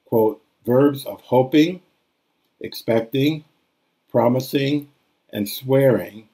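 Slow, deliberate man lecturing. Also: mid-range voice, mellow, husky, rough recording. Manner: deliberate, thinking aloud, with hesitations and restarts; reads quoted passages aloud slowly and carefully. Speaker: classics lecturer. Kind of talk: recorded grammar lecture.

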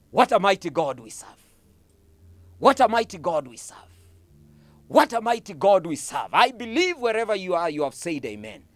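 A man's voice: fairly high pitch, dry recording. A man preaching a sermon, emphatic and repeating his phrases for effect.

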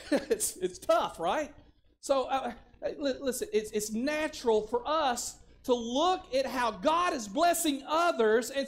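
A man preaching a sermon as pastor, conversational, often repeating words and building up to shouted lines. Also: very high-pitched, animated, slow pace.

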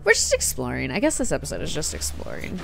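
A woman's voice: deep voice, huge pitch swings, fast talker, gravelly, music in the background. A woman hosting a gaming video, giving let's-play commentary and reacting aloud with gasps and small whispered asides.

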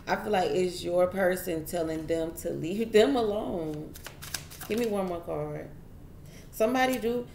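Chatty low-voiced woman reading tarot. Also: a little mellow, echoey room, slight background noise. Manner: chatty, repeats phrases, talks straight to viewers. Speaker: tarot reader. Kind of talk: casual tarot reading to viewers.

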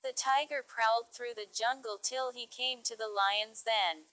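A woman's voice: a little high, steady tone, measured pace, bright, forceful tone, low-quality recording. A woman reading stories aloud carefully for English learners. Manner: careful, clear reading pace. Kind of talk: slow read-aloud narration.

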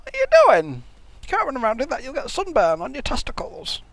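A man voicing a cranky, crude elderly father with a gravelly, fussy, deadpan manner, improvising comedy over a video game. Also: extremely high pitch, fairly quick, no room sound, full character voice. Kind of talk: improvised comedy gaming commentary.

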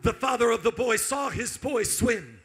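A man preaching to a crowd through an interpreter, telling a story in short shouted phrases and leading call-and-response. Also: very high-pitched, animated, moderate pace.

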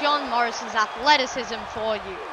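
A woman giving excitable play-by-play commentary over her own wrestling game, often shouting and exclaiming. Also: on the high side, normal speed. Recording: game music and crowd noise behind.

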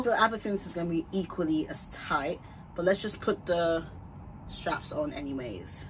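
A woman's voice: fairly low pitch, expressive, measured pace, fairly bright tone, a little hiss or hum. A young woman vlogger chatting casually while trying on wigs at home, bubbly and rambling, laughing often and swearing freely.

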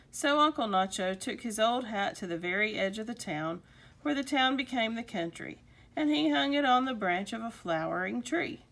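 A woman reading a children's picture book aloud with expressive storytelling delivery. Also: a little high, moderate pace. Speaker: storybook reader.

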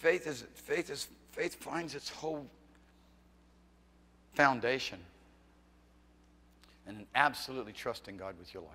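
A middle-aged man preaching a fiery church sermon as pastor, swinging from loud exhortation to quiet asides and teasing questions. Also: medium pitch. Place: church sanctuary. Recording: long hall reverb in a church.

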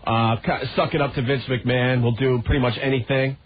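A man's voice: mid-range voice, steady tone, fairly quick. A man co-hosting a radio show in casual chat, easygoing as he sets up clips. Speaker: radio host. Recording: muffled radio broadcast with faint hiss.

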